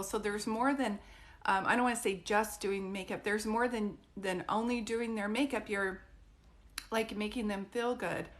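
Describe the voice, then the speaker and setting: A woman's voice: mid-range voice, fairly even intonation, normal speed. A woman psychic medium doing a casual live-stream reading, speaking in a reassuring way and often checking whether things make sense. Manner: warm, reassuring, frequently checks in with "do you know what I mean?".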